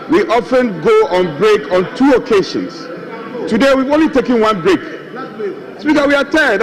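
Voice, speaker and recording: Insistent lawmaker with a very high voice, pleading over a noisy chamber. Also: male voice. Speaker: minority chief whip in parliament. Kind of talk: impassioned parliamentary plea. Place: large parliament chamber. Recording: noisy chamber with members murmuring.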